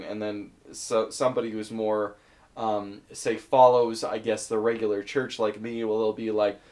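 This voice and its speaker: A man's voice: lowish voice, fairly even intonation, moderate pace, a little mellow. Casual man explaining religious history. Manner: conversational, thinking aloud with fillers and hedges. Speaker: video essayist. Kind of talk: explaining topics from a list in casual commentary.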